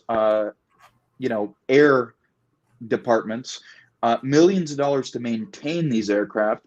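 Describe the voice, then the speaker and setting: A man talking in a political discussion, emphatic and repetitive, building his points in long animated runs. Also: medium pitch, lo-fi sound. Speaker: guest. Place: Puget Sound area.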